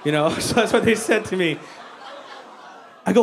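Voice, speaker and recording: A woman doing a stand-up comedy set on stage, telling stories with animated, mock-exasperated swearing into a handheld mic. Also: fairly low pitch, moderate pace, long pauses, slight background noise.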